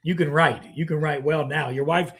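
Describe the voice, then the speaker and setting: A male podcast host chatting casually with a guest and teasing him in quick banter. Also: fairly high pitch, fairly even intonation, crowd noise. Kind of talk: casual interview chat.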